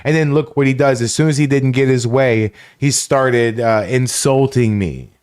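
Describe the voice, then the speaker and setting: A man's voice: mid-range voice, normal speed, a little mellow, smooth. A man hosting a live stream, ranting at chat viewers in a combative, profane way. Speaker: livestream host. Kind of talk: live stream commentary rant.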